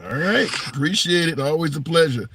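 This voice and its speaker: A man hosts a political talk show, speaking in a high, bright voice. He thinks aloud and hedges as he goes, and the sound is dry and close. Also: animated, a little fast, husky, no room sound. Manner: conversational, hedging, thinks aloud. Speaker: host.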